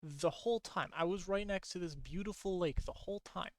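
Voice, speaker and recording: A sleepy streamer with a slightly high-pitched voice talks through his game in a loose, rambling way. He yawns between thoughts, circles back to repeat himself, and perks up easily at small discoveries. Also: brisk, no echo, studio quality. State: sleepy, yawning. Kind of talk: casual gameplay commentary.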